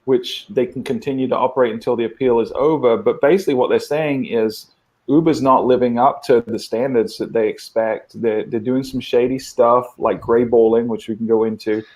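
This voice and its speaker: A man's voice: medium pitch, steady tone, normal speed, darkish tone. A man from England whose accent has picked up a Southern American twang, co-hosting a casual panel show and explaining news at length. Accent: English mixed with American Southern. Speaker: co-host.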